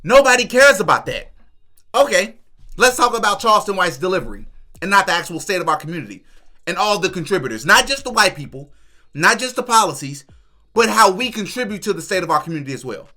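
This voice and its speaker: A man's voice: high voice, sing-song, fast talker, sharp tone. A man hosting a commentary channel, reacting to clips with indignant rhetorical questions.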